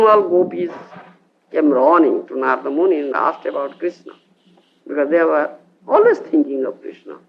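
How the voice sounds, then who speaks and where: Odia-accented man, devotional lecturer, gravelly edge, dull lo-fi 1980s tape. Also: high voice, slight background noise. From India. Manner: frequent checks with the audience, acts out quoted voices. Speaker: spiritual teacher. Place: lecture hall in India.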